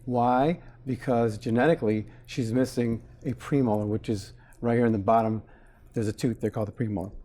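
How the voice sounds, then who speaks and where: A man in his forties, a dentist being interviewed, explaining procedures and telling patient stories in a lively way, acting out what people said. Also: mid-range voice, fairly quick. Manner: animated storyteller, acts out quotes. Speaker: dentist guest. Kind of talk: casual interview talk.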